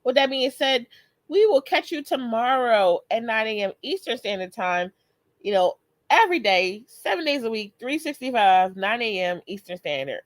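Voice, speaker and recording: A woman's voice: a little high, expressive, moderate pace, dry recording. A woman in her thirties hosting a live motivational stream, talking casually and often laughing as she greets viewers. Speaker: host.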